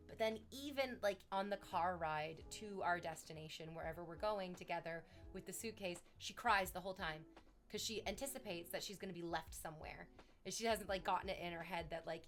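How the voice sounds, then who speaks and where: A woman streamer chatting casually, quick to laugh at her own slips of the tongue. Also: lowish voice, a bit bright, soft background music. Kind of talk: casual chat.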